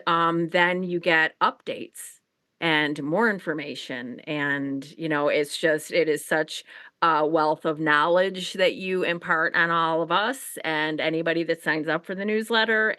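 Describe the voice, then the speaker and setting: A woman's voice: low-pitched, a bit bright, clear, resonant tone, no echo. A woman co-hosting a political podcast, talking in a chatty, rambling way full of fillers and restarts. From Chicago. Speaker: podcast co-host. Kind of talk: casual conversational interview.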